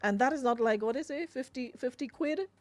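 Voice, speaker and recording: A woman's voice: high-pitched, brisk, no room sound, soft background music. A Grenadian woman hosting a radio show, chatting casually with lots of fillers and laughs. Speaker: radio host.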